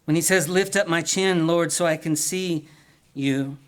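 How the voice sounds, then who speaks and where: A man's voice: fairly high pitch, a little slow, smooth. A man preaching a sermon in an earnest way, asking the congregation questions and often repeating or restarting words.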